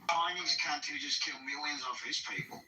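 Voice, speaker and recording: A man's voice: on the high side, steady tone, normal speed, noisy background. A man with an Australian accent in crude, joking casual chat, swearing freely. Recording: roomy, distant mic.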